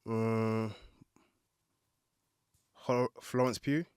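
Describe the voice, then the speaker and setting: A man's voice: fairly low pitch, fairly even intonation, very slow, a little mellow, smooth, no echo, clean studio sound. A man who is a podcast guest, thinking aloud under quiz pressure with many ums and self-mocking remarks. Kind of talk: casual podcast chat.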